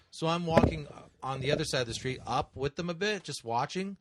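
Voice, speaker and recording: A man's voice: a little high, animated, brisk, heavy background noise. A man co-hosting a podcast, telling a story in a rambling, profane way full of fillers. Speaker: podcast co-host. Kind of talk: casual chat.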